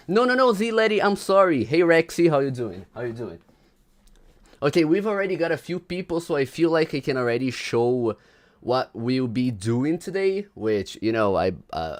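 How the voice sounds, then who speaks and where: Chatty male livestreamer greeting viewers. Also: medium pitch. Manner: chatty, greets viewers by name, hypes up the crowd. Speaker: livestream host. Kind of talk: casual livestream chat.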